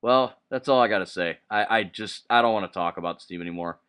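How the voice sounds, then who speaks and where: A man hosting his own sports video, ranting in a heated, profane way with sharp outbursts. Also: fairly low pitch, fast talker, clean tone. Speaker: sports vlogger. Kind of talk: solo sports rant to camera.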